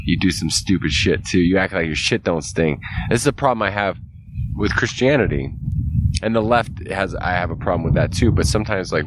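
A man's voice: low voice, a little hiss or hum. A young man co-hosting a podcast, talking casually, swearing a lot and laughing often. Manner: profane, animated, laughs often. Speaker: podcast co-host.

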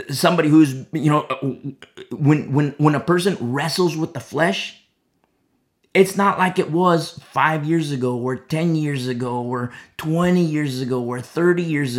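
A man preaching a sermon in a loose conversational way with many fillers, dropping to a hushed voice when he prays. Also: a little high. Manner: many fillers, acts out quoted people. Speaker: pastor.

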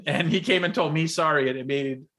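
A man hosting a casual podcast, trading stories with friends. He has a bright, forceful voice pitched a little high. His delivery is loose, profane and punctuated with laughter. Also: fairly quick. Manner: laughing, swearing storyteller. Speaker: podcast host. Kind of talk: casual chat.

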